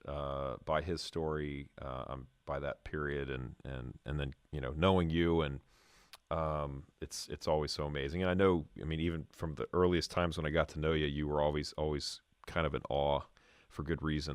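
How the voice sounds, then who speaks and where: A man's voice: a bass voice, steady tone, normal speed, smooth, no room sound. A man hosting a podcast interview, chatty and self-deprecating, with plenty of fillers and restarts. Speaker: podcast host. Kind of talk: casual interview chat.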